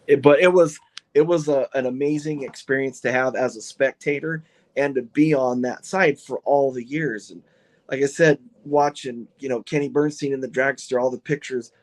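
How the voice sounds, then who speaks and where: A man who owns and drives a funny car, telling stories in an excited, rambling way with lots of restarts on a podcast. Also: medium pitch, moderate pace. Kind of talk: podcast interview, casual storytelling.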